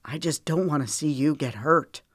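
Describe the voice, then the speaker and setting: A woman narrating an audiobook takes on a weary, protective man, speaking low, bluntly, and earnestly with a slightly rough edge. The pace is moderate, and the close, dry recording has no echo.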